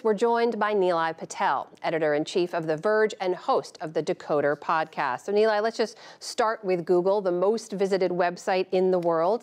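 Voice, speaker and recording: A woman news anchor reading a scripted story and interviewing a guest with a measured, clear delivery. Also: medium pitch, a little mellow.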